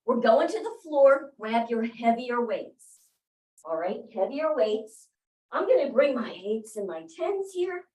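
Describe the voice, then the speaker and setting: A woman's voice: fairly high pitch, very animated, a little slow, a little mellow. Upbeat woman coaching a workout class. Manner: encouraging, counting reps, cueing moves. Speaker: fitness instructor. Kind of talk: live workout class instruction. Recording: roomy, mic far off.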